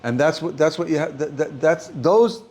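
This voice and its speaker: An older man, teaching an informal class as a rabbi, halting and repeating words as he speaks. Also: a little high. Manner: halting, repeats words often, animated when stressing points. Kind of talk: informal Torah class talk.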